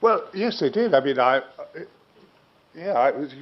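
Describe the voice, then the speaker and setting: A man's voice: on the high side, animated, moderate pace. An older man, a guest telling long, self-mocking anecdotes in an interview and chuckling through them. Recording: dull lo-fi recording.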